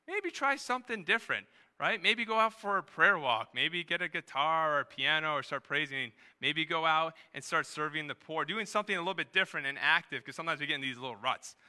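Male pastor, bright and smooth-voiced, conversational sermon with lively asides. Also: on the high side. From New Hampshire, USA. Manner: conversational, quick asides, rising emphasis. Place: church during live service.

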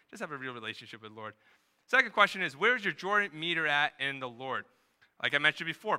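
Male pastor, bright and smooth-voiced, conversational sermon with lively asides. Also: medium pitch. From New Hampshire, USA. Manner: conversational, quick asides, rising emphasis. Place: church during live service.

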